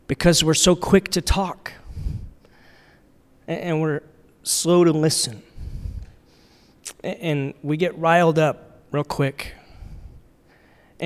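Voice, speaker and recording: A man preaching a sermon as pastor, casual and conversational, with frequent fillers and restarts. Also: on the high side. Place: church sanctuary. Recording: long reverb of a large hall.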